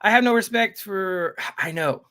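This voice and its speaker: Man, live-stream host, casual chat, bright tense tone, rambling, greets viewers. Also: sits high, normal speed. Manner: frequent laughs and self-interruptions. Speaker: livestream reaction host.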